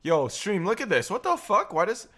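A man's voice: sits high, huge pitch swings, normal speed, fairly bright tone. A man streaming a match, barking profane callouts and raging at his teammates. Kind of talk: live gameplay callouts.

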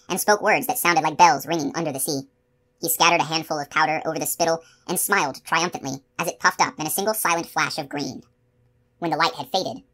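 A woman narrating a fantasy novel aloud in a steady, measured storytelling manner. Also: low voice. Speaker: audiobook narrator.

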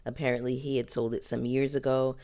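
A woman talking casually and emphatically as she reviews a reality show, repeating lines for punch and tossing in quick asides. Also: a bass voice, flat delivery, mellow. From New York area. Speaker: reality TV commentator.

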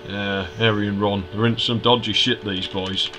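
A man's voice: fairly low pitch, steady tone, normal speed. A man with a Hull accent giving crude, rambling, profane gameplay commentary, often laughing. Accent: Hull, Yorkshire. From Hull, England. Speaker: let's play host. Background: game music.

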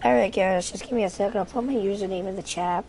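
A young woman from Canada streams a game and chats casually with her viewers, excitable and quick to curse. Her voice sits in a middle register. A faint background noise runs behind her. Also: mid-range voice. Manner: excitable, swears freely, talks to her viewers. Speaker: gaming streamer. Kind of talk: casual livestream commentary.

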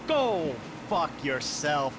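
A man's voice: on the high side, sing-song, extremely slow, crowd noise, full character voice. An actor playing a bitter, sarcastic retired male criminal in a video game cutscene, cursing and ranting. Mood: scornful. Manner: sarcastic, cursing, rising into rants. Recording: game audio with loud background noise.

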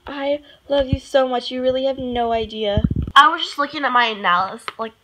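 A woman's voice: high voice, brisk, noisy background. A young woman filming a vlog at home, gushing and breathless with lots of "like" and "oh my god", sounding stuffy from a cold. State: congested, sick. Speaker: YouTuber. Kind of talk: emotional thank-you vlog. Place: at home at a computer.

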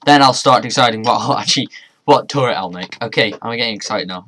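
A man's voice: on the low side, moderate pace, pauses often, noisy background. A young man commentating as he plays a modded game, chatty and muttering to himself, with mild swearing along the way. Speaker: gamer. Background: faint keyboard and mouse clicks.

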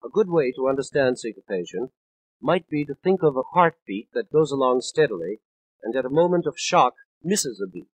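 A man's voice: medium pitch, slightly rough, no echo, rough recording. A man in his thirties giving a scripted spoken lecture on music for a 1950s studio record, explaining patiently and counting out beats in rhythm. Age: 30s.

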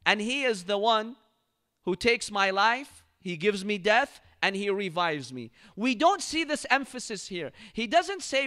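A man's voice: sits high, sing-song, a little slow, pushed and bright. A man giving a Ramadan lecture in a mosque as preacher, telling stories expressively and reciting Arabic verses.

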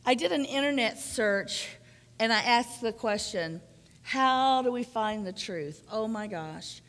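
Slow, earnest woman preaching in a church. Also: medium pitch. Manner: earnest, emphatic, measured teaching delivery. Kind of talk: sermon. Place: church sanctuary. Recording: church sanctuary with long reverb.

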